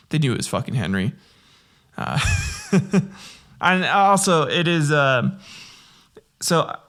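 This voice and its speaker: A man's voice: fairly high pitch, fairly bright tone. Profane joking man reading history. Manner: profane, joking, reads from notes with slips and laughs. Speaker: podcast host. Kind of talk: casual history podcast retelling.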